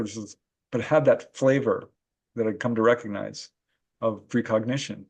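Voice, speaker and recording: A man as a podcast guest who recounts his own experiences in an animated, laughing storytelling manner. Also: lowish voice, normal speed, breathy edge. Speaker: guest, paranormal researcher and author. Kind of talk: casual interview storytelling.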